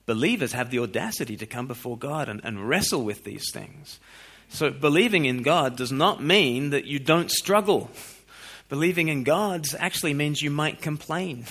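A man preaching a sermon, expressive, moving between loud questions and quiet scripture reading. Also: fairly high pitch.

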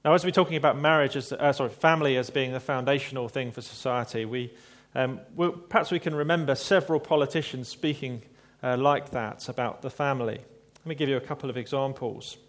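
A man delivering a sermon at a steady, medium pitch. He speaks in a measured, reflective way and slows down for emphasis. Now and then he turns to his listeners with a light aside. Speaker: preacher.

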